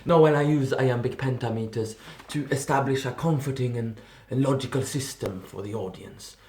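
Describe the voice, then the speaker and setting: A man's voice: medium pitch, normal speed, a little mellow, reverberant, a little hiss or hum. A teenage boy acting in a comedy school skit, first puzzled, then explaining plainly. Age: teens. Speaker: student performer.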